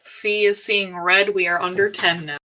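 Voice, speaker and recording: A woman's voice: medium pitch, little pitch movement, moderate pace, pushed and bright, a little hiss or hum. A woman playing a tabletop game, stating her character's attacks in a plain, matter-of-fact way. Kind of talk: declaring moves in a tabletop game.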